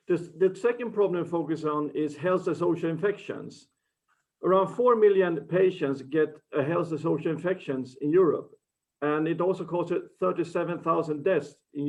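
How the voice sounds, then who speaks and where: A man from Sweden giving an earnest business pitch, with slightly broken phrasing and restarts. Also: a little mellow. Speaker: startup founder pitching. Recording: muffled lo-fi video call audio.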